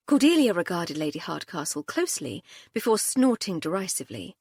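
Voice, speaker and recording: A woman's voice: mid-range voice, very animated, moderate pace, few pauses, a little mellow, slightly rough, no echo. A woman narrating a first-person audiobook with a wry, dry-humored manner.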